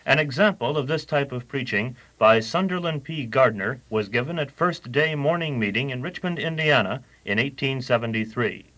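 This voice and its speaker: A man giving a measured, scripted explanatory narration. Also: medium pitch, lively intonation, a bit bright, rough recording.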